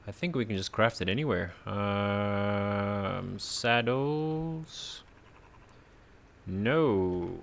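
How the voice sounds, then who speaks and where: A man's voice: fairly low pitch, expressive, extremely slow, vocal fry, a little hiss or hum. Chatty man narrating his gameplay. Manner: chatty, talks to his in-game creatures, frequent little laughs. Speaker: gaming channel host. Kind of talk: casual let's-play commentary.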